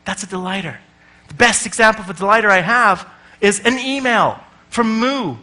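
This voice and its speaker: Lively male speaker, high and bright, jokey, swears freely. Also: normal speed. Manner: animated, swears freely, acts out voices. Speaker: conference speaker. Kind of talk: comic conference talk.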